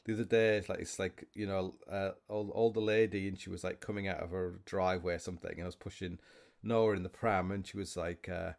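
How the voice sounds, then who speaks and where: A man's voice: deep voice, little pitch movement, brisk, gravelly, darkish tone. A man hosting a podcast alone, rambling through stories with many restarts and self-mocking asides. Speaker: podcast host. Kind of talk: rambling solo chat.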